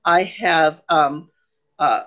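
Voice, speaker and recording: A woman's voice: low voice, drawn-out words, fairly bright tone, highs cut off, soft background music. A woman party member asking a question on a video call, emotional and hesitant, rambling with many ums and restarts. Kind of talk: question in an online meeting.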